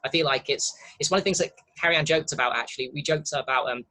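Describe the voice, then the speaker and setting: A man's voice: fairly high pitch, fast, bright, forceful tone, low-quality recording. A man hosting a video call, responding with enthusiastic affirmation. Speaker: host. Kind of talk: casual chat on a video call. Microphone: video call mic.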